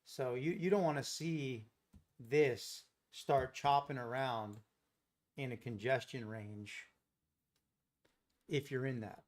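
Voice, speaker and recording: A man hosting a live day-trading stream, thinking aloud through his trades and chatting with viewers. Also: mid-range voice. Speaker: day trading livestream host.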